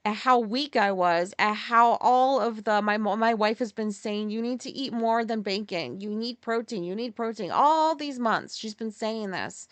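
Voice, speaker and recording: A woman's voice: mid-range voice, fairly bright tone, no echo. A woman hosting a podcast, telling a story in a candid, profane way and often laughing at herself. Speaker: podcast host. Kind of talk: casual solo storytelling.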